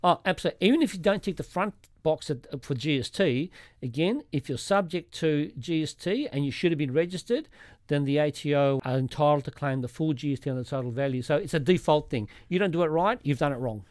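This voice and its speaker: A man's voice: fairly high pitch, a little fast, a little mellow, no echo, studio quality. A man, a tax accountant explaining rules step by step with worked examples on a podcast. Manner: methodical, walks through examples step by step.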